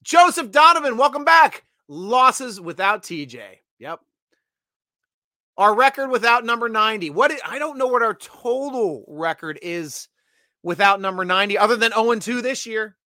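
A man's voice: sits high, moderate pace, no room sound, clean studio sound. A man hosting a casual sports podcast livestream, reading viewer comments with frequent laughs and restarts. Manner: animated, laughs often, many restarts.

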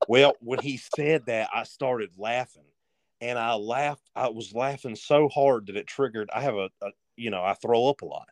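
A man's voice: medium pitch, normal speed, dry recording, studio quality. A man telling a rambling story as a guest on a casual podcast.

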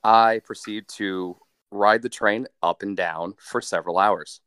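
A young man telling a story in a casual, animated, profane way, with deadpan asides. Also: on the low side, a little slow, clear, resonant tone, no echo, studio quality. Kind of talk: casual story told to a friend.

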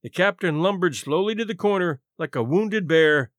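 Expressive male storyteller, lively delivery. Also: high-pitched, moderate pace, dry recording, studio quality. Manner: expressive, theatrical reading. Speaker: narrator and podcast host. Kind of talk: audiobook story narration.

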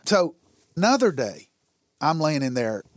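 A man's voice: a little high, big pitch swings, measured pace, no room sound. A man sharing a personal testimony in an earnest storytelling way, acting out the dialogue in his stories. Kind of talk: conversational testimony.

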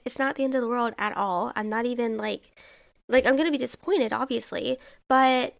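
A young woman hosts her own podcast and talks on her own in a loose, wandering way. She keeps questioning herself out loud. Her voice sits a bit high and has a steady vocal fry. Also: normal speed. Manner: rambling, self-questioning, heavy use of "like". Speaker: podcast host. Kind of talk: casual solo podcast monologue.

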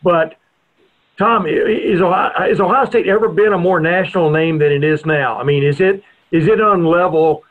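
A male radio host works his way through questions, stammering and restarting as he goes. His voice sits somewhat high, and the audio is thin and narrow like a phone line. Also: moderate pace. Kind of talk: casual radio interview.

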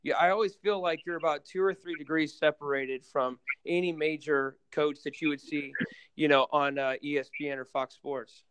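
A man with a smooth, resonant voice pitched a little high tells a long story in a relaxed podcast chat. He rambles and restarts, filling pauses with ums and uhs. The sound is dry and close. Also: no room sound. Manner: rambling, many fillers and restarts. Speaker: guest basketball coach. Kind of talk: casual storytelling in a podcast interview.

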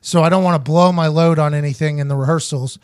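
Lively man telling a story. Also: fairly high pitch, clean tone. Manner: animated, quotes people in quick asides. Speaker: podcast host. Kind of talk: casual storytelling chat.

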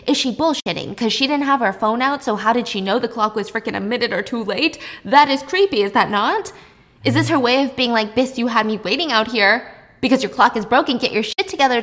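A woman recapping a show in a casual, gossipy, animated way and acting out the characters' lines. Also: fairly high pitch.

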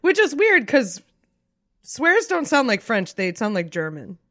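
A woman's voice: on the high side, wildly swooping pitch, measured pace, a bit bright. A woman co-hosting a comedy podcast, chatting casually with wry jokes. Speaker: podcast co-host.

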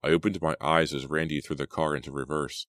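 A man narrating a teen horror novel in a steady, measured storytelling voice. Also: a bass voice, dry recording, clean studio sound. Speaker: audiobook narrator.

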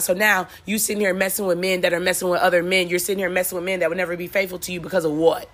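Her voice is lowish, steady in tone, a bit bright, and fast. As a spiritual motivational speaker giving a preachy monologue, she talks bluntly with profanity, repeats lines for emphasis, and laughs at her jokes.

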